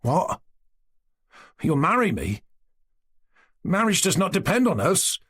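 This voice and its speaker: A man voicing a young male Cossack suitor who pleads earnestly, with a lively, husky voice. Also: high voice, slow, voice pushed up, exaggerated voice. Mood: pleading.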